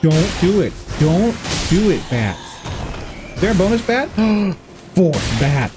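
A man's voice: high voice, big pitch swings, slow, over music. Playful, giggly gaming streamer man. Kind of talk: live let's-play commentary.

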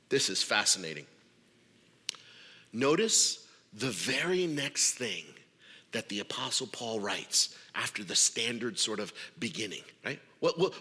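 Congested male pastor, high and bright voice, excitable sermon delivery, reverberant hall. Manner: animated, stammering repeats. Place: church auditorium.

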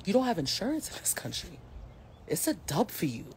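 A woman from the United States speaks low but with wide, lively swings in pitch. She vents to her live-stream audience in a heated, blunt way, swearing freely. A faint hum of background noise sits under her voice. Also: brisk. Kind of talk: casual live-stream rant.

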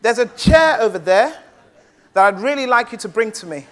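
A woman's voice: on the high side, lively intonation, moderate pace. A woman storyteller telling a tale live to an audience in a playful, rhythmic, call-and-response manner.

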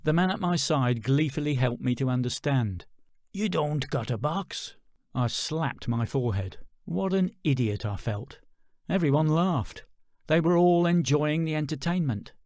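A man's voice: on the high side, normal speed, darkish tone, dry recording, clean studio sound. A man narrating his own memoir as an audiobook in a wry, self-deprecating way. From England.

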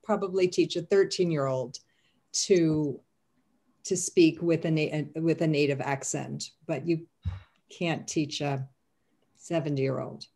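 A woman's voice: sits low, steady tone, slow pace, dark tone. A woman adding brief remarks to the conversation over a video call.

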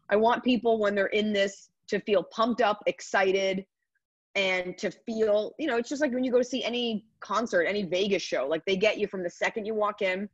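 A woman in her thirties, a comedian, chatting upbeat and quick in an interview over a video call. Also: medium pitch, dry recording. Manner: chatty, upbeat, rapid asides. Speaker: comedian guest. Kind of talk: casual interview answers. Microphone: computer mic on a video call. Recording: dry, dull video call audio.

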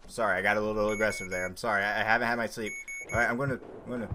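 A young man giving casual let's-play commentary, excitable, yelping and shouting at the game. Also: slight background noise. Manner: reads instructions aloud fast in a high, mocking voice. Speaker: gaming YouTuber.

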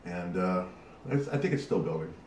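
A deep-voiced man rambles chattily to his viewers, sweating from a hot pepper and leaning on fillers as he talks. He sits back from the mic in an echoey room, and a faint hiss runs under his voice. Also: expressive, normal speed, a little mellow, recorded from a distance. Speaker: YouTube host. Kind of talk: casual vlog talk to camera.

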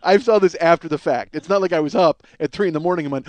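A middle-aged man hosts his own podcast, speaking at a quick pace in a slightly high, somewhat mellow voice on a dry recording. He delivers a profane, rambling comedic rant that mocks himself as much as anyone.

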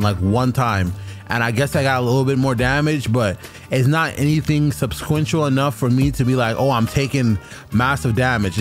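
Brief: young male gamer, mid pitch, hyped trash-talk commentary, faint music behind. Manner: excited, trash-talking enemies, chatty. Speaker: gaming streamer. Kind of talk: let's-play commentary.

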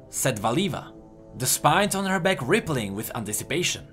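Animated man reading a fantasy story. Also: a little high, moderate pace. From Czech Republic. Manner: expressive, animated. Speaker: lore narrator. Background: faint background music.

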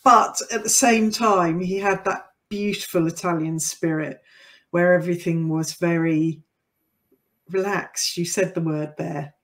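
A woman's voice: lowish voice, steady tone, measured pace. A middle-aged woman hosting a podcast, chatting in a conversational way with frequent fillers and easy laughter, and closing with a scripted outro. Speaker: podcast host.

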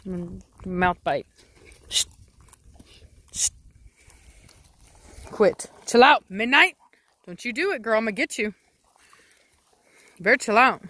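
Woman, dog breeder, bright tense voice, brisk firm commands to her dogs between casual asides. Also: medium pitch, expressive, no room sound. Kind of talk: casual vlog narration.

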